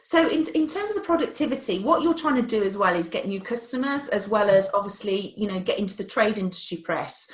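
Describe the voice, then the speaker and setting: A woman's voice: medium pitch, lively intonation, fairly quick, hardly any pauses, echoey room. A woman hosting a live webinar, chatty and a little flustered by the technology. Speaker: webinar host.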